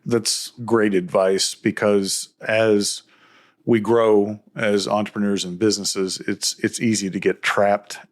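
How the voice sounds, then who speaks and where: A man's voice: on the low side, flat delivery, slow. A man hosting a podcast interview, affirming his guest and reflecting on the answers. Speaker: podcast host.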